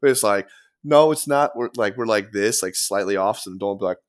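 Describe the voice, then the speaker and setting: A man's voice: lowish voice, fairly quick. A young man chatting as a musician guest, rambling and profane, with lots of fillers. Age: young adult. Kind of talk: casual podcast chat.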